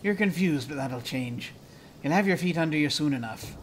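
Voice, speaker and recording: A man's voice: a little high, quick pace, a little hiss or hum, close to an everyday voice. A man voicing a sour, cryptic old midwife in a video game, scolding in old-fashioned phrasing over faint game music. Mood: stern. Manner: stern, scolding, archaic phrasing.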